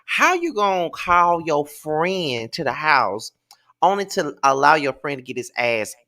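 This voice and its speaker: Woman, live review co-host, laid-back drawl, lively pitch, bright tone. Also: measured pace. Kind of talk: casual live review chat.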